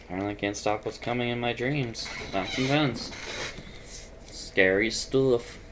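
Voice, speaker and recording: A man's voice: mid-range voice, measured pace, noisy background. A man giving casual, self-deprecating gameplay commentary, muttering and swearing as he plays. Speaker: gaming video host.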